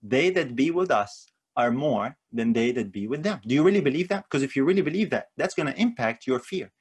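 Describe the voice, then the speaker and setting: Man preaching, husky voice, earnest, emphatic rises, repeats himself. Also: medium pitch, lively intonation, brisk. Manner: earnest, rising emphasis on key phrases, repeats words. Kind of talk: sermon.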